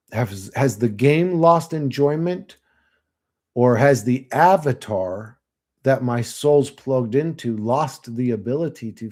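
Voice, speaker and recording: A Florida man in his late thirties hosts a channel, working through viewer comments in a casual, rambling monologue loaded with profanity and fillers. His voice is medium-pitched and a little mellow.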